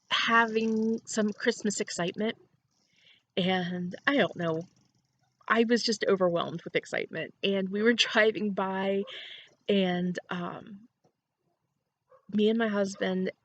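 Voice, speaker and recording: A woman's voice: medium pitch, fairly even intonation, takes it slowly, long pauses. Woman podcast host, casual chatty delivery, wanders between thoughts, laughs easily, recording at home. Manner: chatty, rambling, laughs often. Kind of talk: casual chat to camera.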